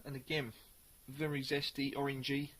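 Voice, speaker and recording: A man reviewing a beer in a casual, chatty way, sometimes pausing to search for the right words. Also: mid-range voice, little pitch movement, a bit bright.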